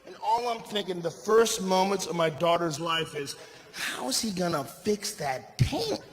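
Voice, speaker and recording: A middle-aged man performing a loud, profane stand-up comedy routine, often shouting, before a laughing audience in a venue. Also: high voice, animated, unhurried. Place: large indoor comedy venue. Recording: echoey live venue with audience noise.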